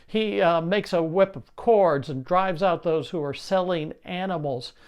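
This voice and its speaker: Higher-voiced man preaching a lively sermon. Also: unhurried, clean tone. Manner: lively expository preaching with rhetorical questions.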